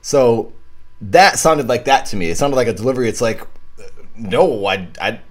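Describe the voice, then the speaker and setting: A man's voice: medium pitch, fairly quick. A man hosting a live stream, chatting casually about his own short film and thanking donors. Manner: rambling, animated, thanks donors warmly. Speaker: filmmaker hosting a live viewing commentary.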